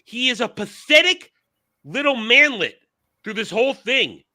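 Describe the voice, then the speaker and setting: A man's voice: very high-pitched, very animated, measured pace, pushed and bright. A man hosting a casual podcast discussion, talking in a blunt, profane, ranting manner. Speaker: show host.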